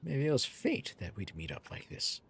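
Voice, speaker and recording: A man's voice: mid-range voice, wildly swooping pitch, normal speed, creaky, a little hiss or hum. A man voicing a brash young female thief with a put-on Cockney accent and cocky, slangy banter.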